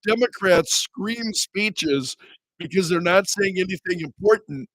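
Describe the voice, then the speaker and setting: Sarcastic talk radio host, high voice. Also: male voice, a little slow, a bit bright, no room sound, low-quality recording. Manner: sarcastic, laughs often, mocks what he reads. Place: radio studio. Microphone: studio microphone.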